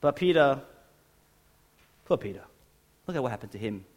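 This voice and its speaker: A man preaching a sermon, animated and emphatic, speaking directly to his listeners. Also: medium pitch, normal speed. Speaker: pastor.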